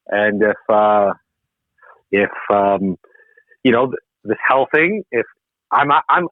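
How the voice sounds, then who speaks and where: A man's voice: fairly low pitch, measured pace, long pauses, dry recording. A man from Ontario, a podcast guest telling his own story casually and animatedly, laughing at himself. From Canada (Ontario). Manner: animated, laughing, self-deprecating. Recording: tinny dry phone line.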